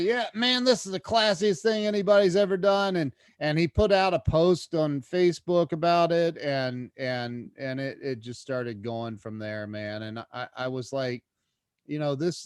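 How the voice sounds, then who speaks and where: A man's voice: mid-range voice, a little slow, smooth, dry recording. A man speaking as a podcast guest, full of energy, with many restarts and sudden bursts of volume when the story heats up. His voice sits in an ordinary middle register. The sound is close and dry, with no room around it. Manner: animated, many restarts, swings loud when excited. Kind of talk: casual storytelling interview.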